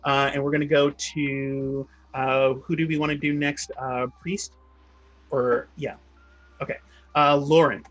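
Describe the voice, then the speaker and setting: A man's voice: medium pitch, level tone, measured pace, fairly bright tone, muffled recording, faint music behind. A man narrating a tabletop game as game master, rambling and restarting often. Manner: rambling, full of fillers and restarts.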